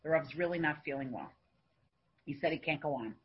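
Female teacher, slightly breathy tone, earnest storytelling voice that turns into impassioned exhortation. The recording sounds muffled. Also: sits low. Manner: earnest, drawn-out storytelling that builds to fervent urging. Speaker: religious teacher. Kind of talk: storytelling religious talk. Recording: dull lo-fi recording.

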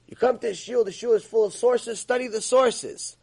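A man's voice: high voice, brisk, hardly any pauses, darkish tone, slightly rough, low-quality recording. A man teaching a religious ethics lecture in an emphatic, scolding way. He acts out the voices he quotes. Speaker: Torah teacher.

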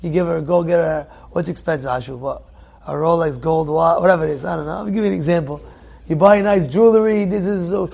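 A man giving a sermon as a rabbi, animated, acting out little dialogues and repeating phrases. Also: on the high side, fast, vocal fry. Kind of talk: sermon with storytelling.

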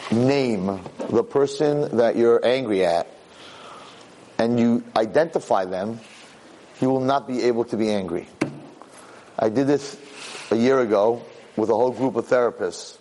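A man teaching a Torah class, animated, jumping high when he acts out a yelling parent. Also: unhurried, long pauses, slight background noise. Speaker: Torah lecturer. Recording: long hall reverb.

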